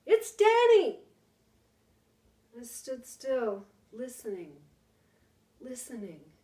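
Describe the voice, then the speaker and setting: A woman teacher reading a storybook aloud to her class, slow and dramatic, with hushed pauses. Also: on the high side. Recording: roomy, distant mic.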